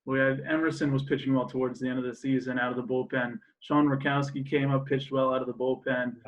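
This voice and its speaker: A man hosts a relaxed interview, feeling his way through each question with frequent "uh"s. His voice is mid-pitched, and the recording sounds a little dull and lo-fi. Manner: loose, halting questions with many "uh"s. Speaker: interviewer, team staff host.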